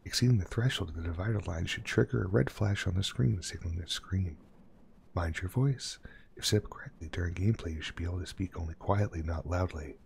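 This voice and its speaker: Male streamer, deep gravelly voice, jokey game commentary, reads text aloud, faint background hiss. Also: fast, darkish tone. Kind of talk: casual gameplay commentary.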